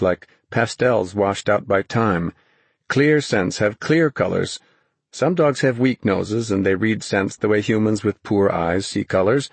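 A man reads a novel aloud in measured, even storytelling. His low voice is husky and slightly rough. The sound is close and dry, with no room around it. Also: no room sound. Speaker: audiobook narrator. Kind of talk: scripted narration.

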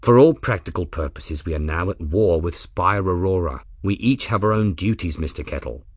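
A man voicing a stern, controlled male airship captain in an audiobook, speaking in a clipped, measured, formal way. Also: low-pitched, expressive, dry recording, clean studio sound. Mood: calculating.

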